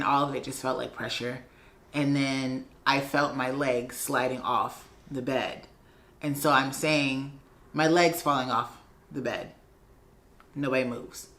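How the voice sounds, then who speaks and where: With a rumbling low voice and vocal fry, a young adult woman vlogger recounts something that happened to her in a relaxed, lively way. She performs the voices of the people in the story.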